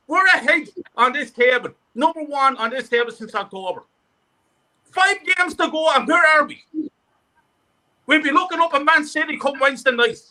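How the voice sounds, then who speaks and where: A man's voice: extremely high pitch, expressive, moderate pace, sharp tone. A man calling in to rant angrily about his football team, sweary and repetitive. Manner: furious, sweary, repetitive ranting.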